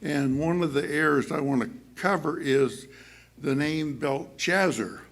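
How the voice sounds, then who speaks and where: A man giving a sermon to his congregation in a chatty, halting way, with many fillers and restarts and frequent laughs. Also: a little high. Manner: laughs often while speaking. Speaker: church speaker.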